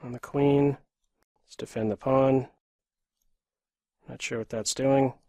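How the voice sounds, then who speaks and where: Streamer, man in his thirties, from Pennsylvania, USA: slow clipped play-by-play, half to himself, dry close mic. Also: medium pitch, fairly even intonation, dark tone, no echo. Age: 30s. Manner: muttering running commentary, terse half-sentences to himself. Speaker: chess streamer. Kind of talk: live commentary while playing bullet chess.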